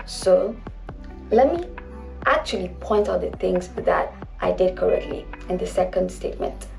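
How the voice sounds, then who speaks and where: A Nigerian woman who teaches diction, speaking deliberately and emphatically. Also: on the low side, steady tone, creaky, faint music behind. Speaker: diction instructor. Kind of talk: instructional video lesson.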